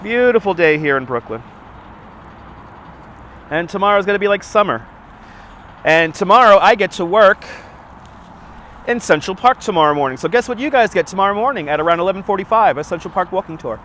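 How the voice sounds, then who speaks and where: A man's voice: high voice, animated, brisk, long pauses, a bit bright. A man hosting a live walking stream from a phone on a gimbal, greeting viewers by name in a chatty, upbeat way, his nose a bit stuffy. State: slightly stuffy nose, voice may crack. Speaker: livestream host. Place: outdoors on a city street. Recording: faint street and traffic noise.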